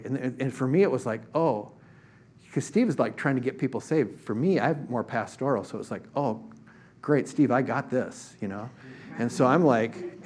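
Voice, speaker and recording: A man's voice: mid-range voice, lively intonation, normal speed, darkish tone, a little hiss or hum. A man preaching a sermon, telling a personal story in a conversational way with many fillers and restarts. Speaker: pastor.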